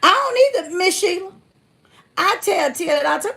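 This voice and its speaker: A fiery woman holds forth on her livestream in a high, gravelly voice. She talks in a blunt, down-home way and swings between loud declarations and hushed asides. She reads her viewers' comments as she goes. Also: expressive, normal speed. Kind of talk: casual preachy livestream talk.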